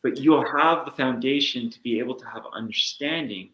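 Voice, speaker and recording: An earnest man chatting as a guest on a talk show, reflective and open. His voice sits at an ordinary pitch, and the room around him sounds noticeably echoey. He now and then acts out little inner voices as he talks. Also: normal speed, fairly bright tone. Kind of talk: casual chat.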